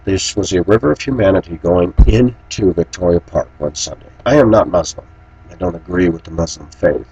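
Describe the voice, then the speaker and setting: A man's voice: low-pitched, fairly quick, dark tone, slight background noise, rough recording. A middle-aged man talking straight to camera, telling a story and preaching with indignation. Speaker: vlogger. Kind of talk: personal commentary monologue.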